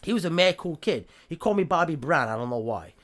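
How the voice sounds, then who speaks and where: On a podcast, a guest with a New York accent tells jail stories in a loose, streetwise style, cursing freely and imitating the people he quotes. His voice sits a little high, with lively intonation, a fast delivery and a fairly bright tone.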